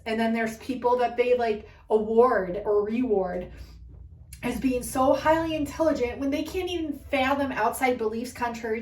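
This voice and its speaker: A woman giving a spiritual reading in a heated, rambling rant, swearing often. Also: on the high side. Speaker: spiritual reader. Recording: echoey room, far from mic.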